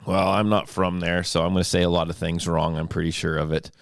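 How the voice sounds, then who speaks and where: A man hosts his podcast with a low, gravelly voice, roughened by a cold. He rambles through casual chat and laughs easily. The sound is dry and close. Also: flat delivery, a little fast, dry recording. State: has a cold. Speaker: podcast host. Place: home studio room.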